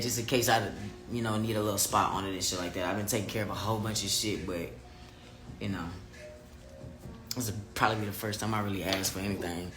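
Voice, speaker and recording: In a fairly low, reverberant voice, a man livestreams a casual chat with his audience, reading out their comments. He's candid, profane, and emphatic.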